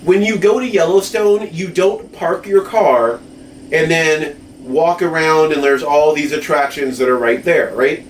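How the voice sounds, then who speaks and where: A man's voice: a little high, steady tone, measured pace. Rambling man on an echoey podcast. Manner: rambling, full of fillers and "right?". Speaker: podcast co-host. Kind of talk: casual chat. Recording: echoey room, mic at a distance, faint noise.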